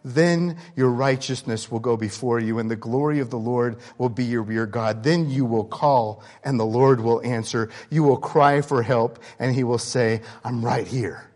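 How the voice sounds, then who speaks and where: Male pastor, sermon, conversational, candid, mid pitch. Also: moderate pace, few pauses. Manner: conversational, candid, swings between loud emphasis and quiet asides.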